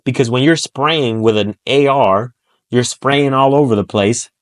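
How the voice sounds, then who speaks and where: A man's voice: medium pitch, unhurried. A man giving a motivational monologue about persuasion, blunt and profane, hammering his points home by repeating them. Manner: blunt and profane, acts out short quoted voices; emphatic, repeats key points. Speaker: self-improvement speaker.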